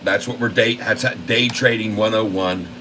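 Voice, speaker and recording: A man hosting a trading channel, commentating live on his trades in a folksy, excitable way and constantly talking to his viewers. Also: fairly low pitch, normal speed, background noise. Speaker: stock trading channel host.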